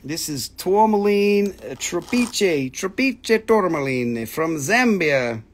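A man hosting a live gemstone sales stream from home, excitable and casually swearing as he calls out prices. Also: sits high, slow pace. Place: home, with his dogs nearby.

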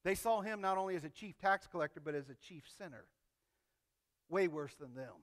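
A man preaching a sermon in an animated, conversational way, acting out quoted voices. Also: high-pitched, brisk. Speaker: pastor.

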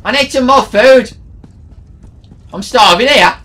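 A young man bantering casually while playing a video game, jokey, teasing and excitable. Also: extremely high pitch, takes it slowly. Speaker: gaming channel co-host.

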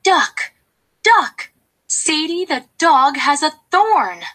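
A woman voicing an excitable, chattering duck in a storybook with an urgent, squeaky voice. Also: takes it slowly, exaggerated voice.

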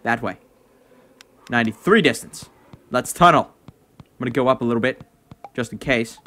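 A young man commentating his own game play at home, excitable, breaking into shouts and laughs at his wins. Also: medium pitch, normal speed. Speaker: gaming video host. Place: home room.

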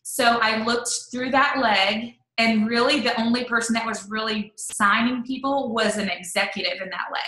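A woman in her thirties, an interview guest telling a personal story in a chatty, animated way. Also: fairly high pitch, normal speed, few pauses. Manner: chatty, animated, full of "like" and quoted asides. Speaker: network marketing leader, interview guest. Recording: echoey room.

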